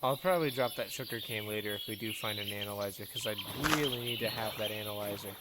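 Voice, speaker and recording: A man's voice: on the low side, steady tone, quick pace, heavy background noise. A man hosting a gaming video, chatting to himself and his viewers as he plays. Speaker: gaming channel host. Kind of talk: let's play commentary.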